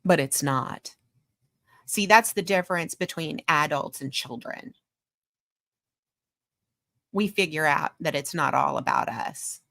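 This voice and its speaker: A woman's voice: low voice, slow, creaky, pauses often, fairly bright tone, no echo. A woman hosting a commentary show, talking in a sarcastic, mocking, lecturing way about a streamer. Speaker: commentary host.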